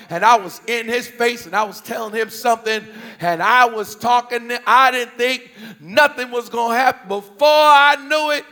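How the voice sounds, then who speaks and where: A male preacher from the US Northeast delivers a storytelling sermon to thousands in a large church hall, the recording heavy with long hall reverb. His voice is very high and tense, and he tells stories animatedly, repeats questions, and bursts into shouts.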